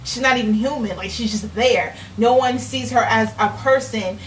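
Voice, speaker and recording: Woman, earnest rambling vlog commentary, higher voice, roomy echo. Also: moderate pace. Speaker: author and vlogger. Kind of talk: casual on-camera commentary. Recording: echoey room, distant mic, faint noise.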